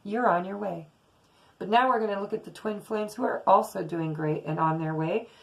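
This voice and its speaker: A woman's voice: mid-range voice, moderate pace, vocal fry, low-quality recording. A middle-aged woman giving a casual, earnest tarot reading to her viewers, often repeating words for emphasis. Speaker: tarot reader.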